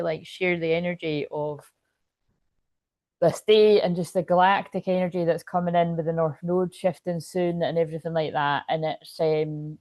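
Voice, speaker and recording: In a casual livestream about spiritual astrology, a woman chats and rambles while reading out viewer comments. Her voice is lowish with a darkish tone, and there's no echo.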